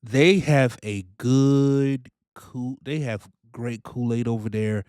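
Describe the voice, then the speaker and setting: A man's voice: medium pitch, slow pace, darkish tone, clean tone, dry recording, clean studio sound. A man hosting a reaction video, giving casual commentary in laid-back slang and tagging his points with questions.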